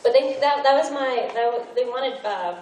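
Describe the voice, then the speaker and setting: A woman's voice: high-pitched, normal speed, a crowd in the background. A woman on a voice actor panel at a convention, talking in a bubbly way with frequent laughs. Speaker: voice actress panelist. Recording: echoey hall mic from far off, noisy.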